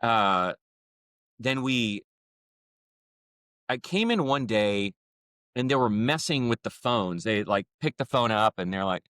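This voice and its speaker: A man's voice: lowish voice, a little slow, pauses often, no room sound, clean studio sound. A man hosting a podcast, telling a story in a casual, chatty way and acting out the dialogue. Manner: chatty, acts out quoted dialogue with lively voices. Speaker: podcast host.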